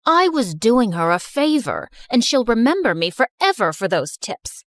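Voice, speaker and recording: A woman voices a middle-aged mother clinging to her acting past, theatrical and self-absorbed. Her pitch sits a little lower than the narration and swings widely. The recording is dry and close. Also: big pitch swings, normal speed, no room sound. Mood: defensive. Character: dramatic vain former-actress mother, middle-aged. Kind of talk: animated story narration.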